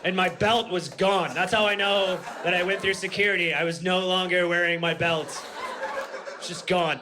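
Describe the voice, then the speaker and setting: A man doing stand-up with a fairly high voice, rambling through a story in a casual way. His delivery sinks into low, quiet mutters and then climbs into shouts. The recording is a live club set on a handheld mic, with clear room noise underneath. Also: fairly even intonation, moderate pace. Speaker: stand-up comedian. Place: comedy club stage.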